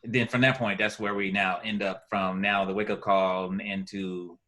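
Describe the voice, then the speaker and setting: Male podcast guest, low and bright, lively and rambling. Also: moderate pace. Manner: animated, repeats words while thinking. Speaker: filmmaker guest. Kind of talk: casual podcast interview.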